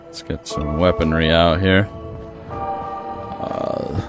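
Young man, gaming commentary, low voice, unhurried, chatty, game music behind. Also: fairly even intonation. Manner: chatty, joking, reacting aloud. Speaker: gaming streamer. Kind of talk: casual gameplay commentary.

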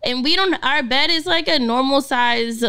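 Give me a slightly high-voiced woman co-host who tells stories casually and animatedly. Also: moderate pace. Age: 30s. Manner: animated storytelling, tired. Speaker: podcast co-host. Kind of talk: casual chat.

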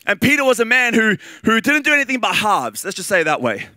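A man with an Australian accent preaching a sermon in a lively, conversational way, with fillers and repeated phrases. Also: high-pitched, fast, no room sound.

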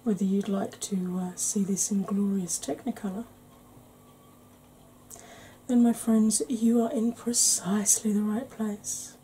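A woman hosting a makeup tutorial, chatting in a rambling, conversational way and sometimes dropping into a soft whisper. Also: mid-range voice, steady tone, measured pace, slight background noise, poor audio. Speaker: beauty channel host.

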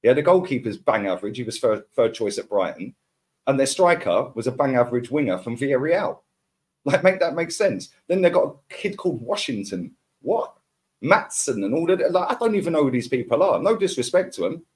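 A man's voice: mid-range voice, brisk. Ranting football pundit, man. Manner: animated ranting with slang and repeated words. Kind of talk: heated casual football chat.

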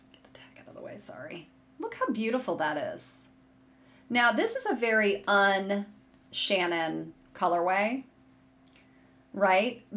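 A woman hosting a knitting video podcast from a room at home, chatting casually and gushing excitedly to viewers as she shows yarn. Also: mid-range voice. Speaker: podcast host. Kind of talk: casual chat showing yarn on camera. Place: home room with a curtain behind her. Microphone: desk setup facing a monitor.

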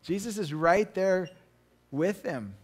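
A man's voice: high-pitched, lively intonation, slow. A middle-aged man, a pastor, giving a casual conversational sermon with chatty, self-deprecating asides and frequent restarts.

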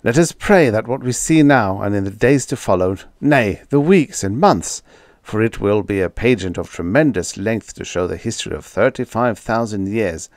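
A man's voice: lowish voice, animated, normal speed, darkish tone, no room sound, studio quality. A man reading an audiobook, voicing an earnest male speech-maker addressing an audience. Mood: solemn. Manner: oratorical, earnest. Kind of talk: audiobook character voice.

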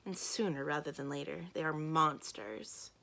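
A woman reading the part of a nervous, earnest young girl training as a page, in a low, gravelly voice. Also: steady tone, normal speed, heavily acted. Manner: nervous, quiet.

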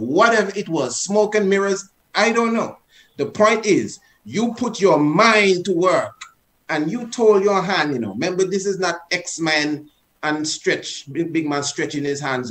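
A man leading an exercise over a video call, earnest and coaxing, repeating commands with rising force. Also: fairly high pitch. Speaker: presenter leading an online session.

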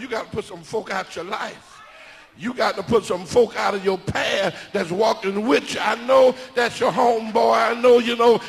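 High, shouting preacher man. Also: vocal fry, long reverb tail. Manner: builds into shouted, sung preaching cadence. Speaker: bishop. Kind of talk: sermon.

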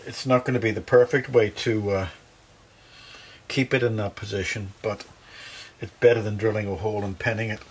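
A man's voice: lowish voice, steady tone, normal speed, long pauses, husky, rough recording. A middle-aged man working as a luthier, chatting through each step of a guitar setup in his workshop. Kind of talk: workshop demonstration to camera.

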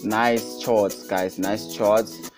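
A young South African man hosts a casual, screen-recorded beat-making tutorial with a beat playing underneath. His voice is lowish, his tone steady, and he talks very slowly, repeatedly calling things super hot and addressing everyone as guys.

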